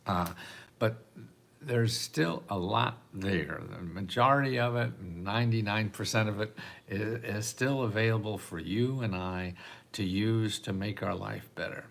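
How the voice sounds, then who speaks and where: An older man talking casually to the camera in a rambling way, repeating words and laughing softly now and then. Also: lowish voice, a little slow, vocal fry. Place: apartment in a city.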